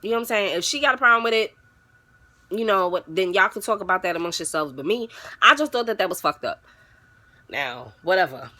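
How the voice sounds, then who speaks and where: A woman tells a story straight to the camera in a casual, blunt way. Her voice is bright and her pitch swings widely as she gets animated. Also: fairly quick. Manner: animated, blunt, swears freely. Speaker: vlogger.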